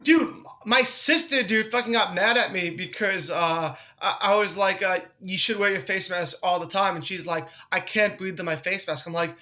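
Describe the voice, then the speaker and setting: A man with a very high, sharply bright voice talks as a comedian guest on a podcast. He rants with exasperated, swearing energy and breaks into laughs as he tells stories. The delivery is loose, casual chat. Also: moderate pace, hardly any pauses. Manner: profane, exasperated ranting with laughs.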